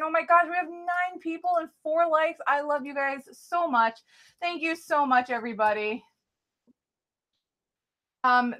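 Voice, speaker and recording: Chatty high-voiced woman live-streaming. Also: a bit bright. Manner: chatty, thanks viewers often, apologetic. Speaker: live-stream tarot reader. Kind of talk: casual live-stream chat.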